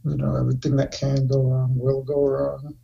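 A man's voice: mid-range voice, completely flat delivery, moderate pace, gravelly, dark tone. A man co-hosting a podcast in casual chat, rambling with lots of fillers and heavy swearing. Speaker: podcast co-host. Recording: dull lo-fi sound.

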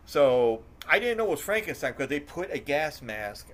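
A man's voice: on the high side, normal speed, slight background noise. A man hosting a podcast, telling a rambling, profane story in casual chat. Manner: rambling, profane, animated when telling stories. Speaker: podcast host.

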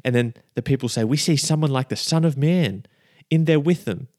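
A man preaching a sermon with fervent, building emphasis, repeating key words as he grows excited. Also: mid-range voice, normal speed, no room sound, clean studio sound.

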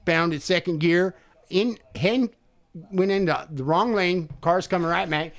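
An older man casually telling a profane, animated story on a podcast, acting out the quotes. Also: high-pitched, unhurried.

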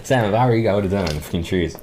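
A young man co-hosts a casual podcast, his voice rising and falling in lively swings. He groans and exclaims as he tells his stories. A faint hiss of noise sits under the recording. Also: deep voice, rapid-fire. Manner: animated, laughing, groaning and exclaiming. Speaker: podcast co-host. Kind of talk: casual chat.

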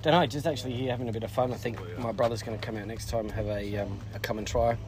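A man, a racing driver, answers casually in short, easygoing replies at mid pitch. He sounds relaxed and a little reserved while being put on the spot. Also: very fast. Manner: brief, laid-back answers. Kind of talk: casual interview. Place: outdoor motorsport event.

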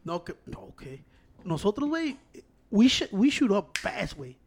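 A young man with a high voice for a man. He talks in loose, rambling casual chat. He swears a lot and drifts back and forth between Spanish and English. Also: big pitch swings, normal speed, breathy edge.

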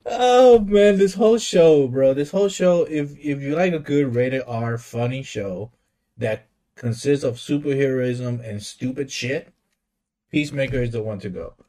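A man's voice: mid-range voice, moderate pace, warm tone. A man co-hosting a podcast in casual chat, enthusiastic and slangy, often repeating his words. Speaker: podcast co-host.

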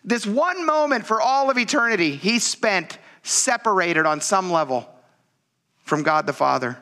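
A pastor preaches a sermon in a fairly high, bright voice with a forceful edge. He talks in an earnest, conversational way and keeps speaking straight to his listeners as "you guys.". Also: expressive, unhurried. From United States.

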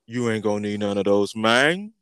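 A man's voice: fairly low pitch, expressive, normal speed, background noise, lightly acted. A man doing an easygoing burly buddy. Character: laid-back burly man friend, unbothered.

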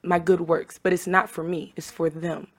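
Passionate young woman, lowish voice. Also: little pitch movement, normal speed. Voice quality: trained singing voice. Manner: passionate, emotional, chatty with many fillers. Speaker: guest, founder of a mentoring organization for teen girls. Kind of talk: casual interview chat.

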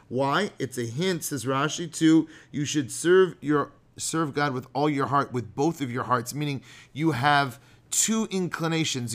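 Chatty, jokey rabbi on a podcast. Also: male voice, medium pitch, fairly bright tone. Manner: chatty, jokey, digressive, sings out Hebrew prayers. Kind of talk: animated podcast sermon.

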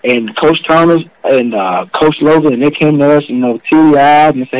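A man's voice: fairly high pitch, moderate pace, few pauses, dry recording, muffled recording. Earnest man telling a story. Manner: earnest, emotional storytelling with many "you know"s. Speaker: former college football player, guest. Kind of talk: storytelling interview talk.

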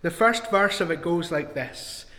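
A man's voice: on the high side, lively intonation, a little slow, sharp tone, echoey room, in a large hall. A man preaching a sermon to his congregation in a church, talking in a conversational way and asking them questions.

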